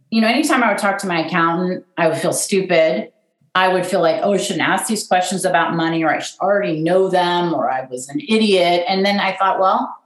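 A middle-aged woman tells her own business story with animated, self-deprecating humor, slipping into the voices of the people she quotes. Her pitch sits at an ordinary middle level. The sound carries a noticeable room echo. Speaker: event planning business owner. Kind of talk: casual storytelling talk.

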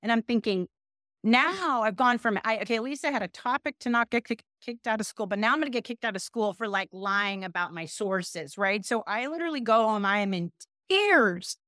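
A middle-aged Pasadena, California business owner with a higher-leaning voice talks a little fast while guesting on a podcast. She's chatty and self-deprecating, animating her story with quoted asides, in a dry, studio-quality recording.

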